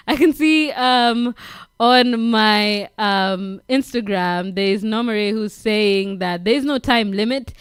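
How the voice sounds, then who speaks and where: A woman's voice: fairly high pitch, measured pace, clean tone, dry recording, studio quality. A woman with an African accent hosting a late-night radio talk show, giving relationship advice in a chatty way, laughing often and asking "right?". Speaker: radio host. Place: radio studio.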